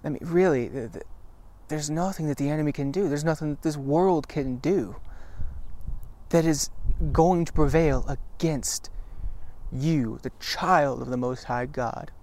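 A man's voice: on the high side, a little mellow. Earnest man giving devotional encouragement. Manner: earnest and encouraging, repeats phrases for emphasis; halting with frequent restarts. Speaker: Christian video teacher. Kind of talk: devotional talk to camera.

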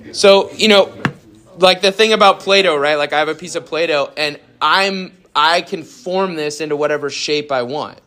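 A young adult man giving a youth sermon in a casual, animated way, with many fillers. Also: a little high, normal speed. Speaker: youth pastor.

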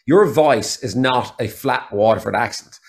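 A man's voice: mid-range voice, unhurried, slight background noise. An Irish man talking as a podcast guest, telling stories in a chatty, candid way. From Ireland. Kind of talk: casual interview chat.

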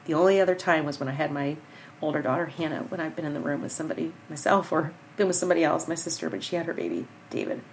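A woman's voice: low voice, lively intonation, rapid-fire, slight background noise. Earnest, encouraging woman podcast host. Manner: earnest, encouraging, rambling with restarts. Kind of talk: personal monologue.

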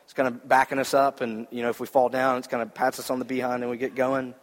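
A man preaches in a sermon to a young audience, earnest and conversational, leaning on repeated phrases. His voice sits at an ordinary middle pitch. A long reverb trails each line, as if he is speaking in a large hall. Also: little pitch movement, fast. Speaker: pastor.

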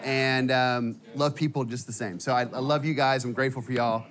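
A man preaching a sermon in a church, energetic and casual, with many fillers and restarts, sometimes emotional. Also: medium pitch, moderate pace. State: emotional at times. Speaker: guest preacher. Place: church auditorium.

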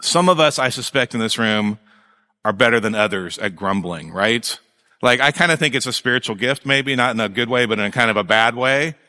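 Pastor guy preaching, chatty and animated, bright voice, long church hall echo. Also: medium pitch, a little fast. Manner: conversational, animated preaching with jokes and asides. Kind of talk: sermon.

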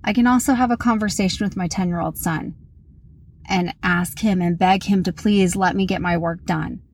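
A woman in her thirties speaks in a lowish voice at a moderate pace, with a little hiss or hum in the recording. Hosting a solo podcast, she talks chattily and candidly about her week while making fun of herself.

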